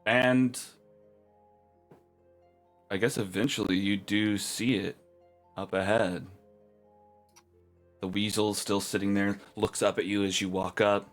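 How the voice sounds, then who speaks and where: A man narrating a tabletop game as game master, relaxed and quick to laugh. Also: lowish voice, soft background music.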